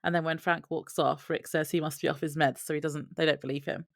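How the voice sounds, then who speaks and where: Low-voiced woman recapping dryly. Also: steady tone, fairly quick, creaky, no room sound, studio quality. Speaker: podcast co-host. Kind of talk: casual recap chat.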